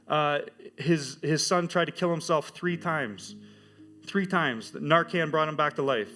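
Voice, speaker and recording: A middle-aged man telling his church testimony as a teacher, with animated storytelling. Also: on the high side, unhurried, faint music behind. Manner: animated storytelling, acts out quoted voices. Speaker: high school teacher giving a testimony.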